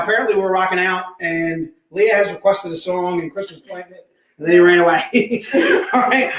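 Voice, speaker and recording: A man hosting a casual livestream sales pitch, chatty, repeating prices and item numbers, calling viewers "dude". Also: reverberant, low-quality recording.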